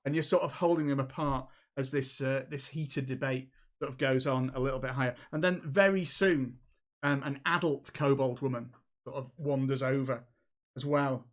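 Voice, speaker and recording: A man's voice: mid-range voice, fairly even intonation, normal speed. A man running a tabletop game as game master, narrating with hesitant restarts. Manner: hesitant, many fillers and restarts.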